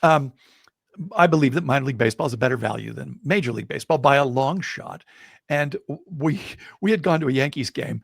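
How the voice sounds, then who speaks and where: A middle-aged man, a guest in a casual interview, telling an anecdote in an animated way and building suspense. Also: medium pitch, quick pace, creaky, no room sound, studio quality. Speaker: guest storyteller.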